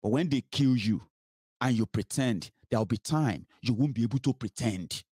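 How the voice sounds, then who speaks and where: A man's voice: mid-range voice, moderate pace, mellow, slightly rough, dry recording, studio quality. A man with a Nigerian accent giving heated political commentary, mocking and scolding his listeners and slipping into pidgin and Yoruba.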